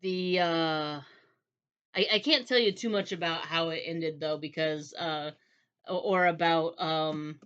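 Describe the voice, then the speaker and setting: A woman's voice: low-pitched, measured pace, a bit bright, smooth, dull audio. A woman who reviews books, chatting in a rambling, casual way and acting out characters' dialogue. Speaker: book reviewer. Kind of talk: casual book review chat.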